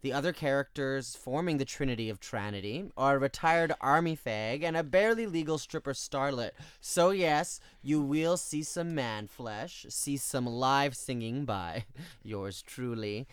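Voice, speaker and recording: A man's voice: mid-range voice, animated, unhurried, clear, resonant tone, no echo. Cheeky flamboyant man. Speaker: theatre performer guest. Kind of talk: pitching a show on radio.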